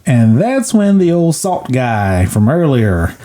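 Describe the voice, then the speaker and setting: A man's voice: medium pitch, very animated, slow pace, warm tone. A man co-hosting a podcast, recapping a movie plot in casual chat and acting out the characters' lines. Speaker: podcast co-host.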